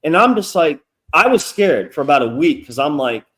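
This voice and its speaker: A man's voice: a little high, sing-song, moderate pace, a bit bright. A middle-aged man telling stories in a casual, profane interview chat, acting out quoted asides. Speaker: guest comic creator. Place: lives in North Carolina.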